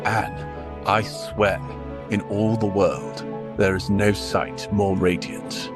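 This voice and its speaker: A man's voice: fairly low pitch, steady tone, slow pace, over music, voice pushed down. A man doing an adoring young groom, put-on British. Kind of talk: amateur audio drama reading.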